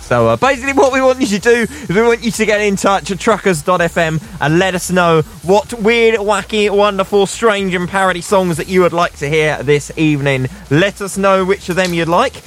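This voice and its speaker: A man's voice: high voice, brisk, few pauses, a bit bright. A man hosting an online radio show, chatting casually and plugging listener requests. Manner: chatty, upbeat, plugs requests.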